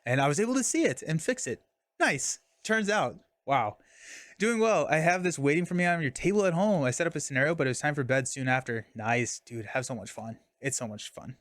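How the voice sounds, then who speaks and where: A man's voice: fairly high pitch, expressive, fairly quick, a bit bright, dry recording. A young man casually streaming a card game, talking through his moves and chatting with viewers. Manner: chatty, reads chat and thanks viewers mid-game.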